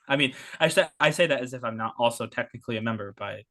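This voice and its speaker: A man taking part in a casual podcast game show. He talks with wry, self-deprecating humor and laughs in the middle of his sentences. His voice sits at a middle pitch. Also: fairly quick, bright, forceful tone. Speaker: podcast guest and contestant.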